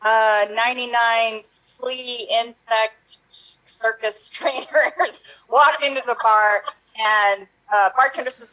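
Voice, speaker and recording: A woman's voice: fairly high pitch, fairly even intonation, slow, sharp tone. A woman playing an improv pun game, giggling through her joke setups, on dull lo-fi audio. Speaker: improv player.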